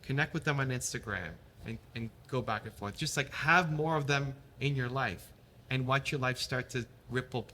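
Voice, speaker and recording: Man, interview guest, bright forceful voice, upbeat advice-giver, faint background hum. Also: medium pitch, moderate pace. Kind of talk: casual interview chat.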